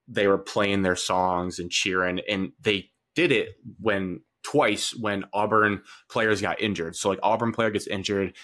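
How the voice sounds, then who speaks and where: A young man co-hosting a sports podcast, telling an animated story in casual chat, full of fillers. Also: deep voice. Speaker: podcast co-host.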